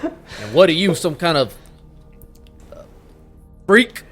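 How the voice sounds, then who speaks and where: A man voicing a tough, posturing group leader who barks loud, blustering threats in a tabletop game. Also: a little high, very animated, slow pace, soft background music, pitched above the performer's own voice, full character voice.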